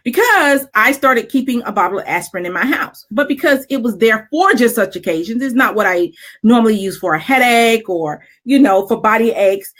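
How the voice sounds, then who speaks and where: A middle-aged woman, telling a personal story in a casual chat, candid and animated, with lots of fillers and laughs. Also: on the high side, normal speed.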